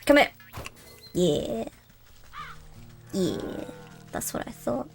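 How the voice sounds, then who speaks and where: Young woman streamer, chatty and easily distracted, slightly high voice, game music under it. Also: very animated, drawn-out words, vocal fry. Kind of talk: live game commentary and reading aloud.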